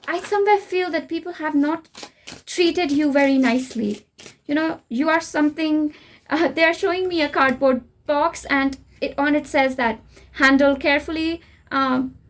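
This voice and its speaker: A young Indian woman with an Indian English accent, giving a gentle, reassuring spiritual tarot reading straight to the listener. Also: high-pitched. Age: young adult. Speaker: tarot reader.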